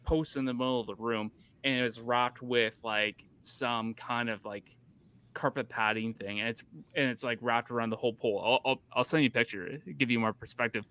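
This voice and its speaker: A man's voice: medium pitch, a bit bright, clean tone. A man hosting a casual podcast chat, telling a rambling story full of restarts. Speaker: podcast host.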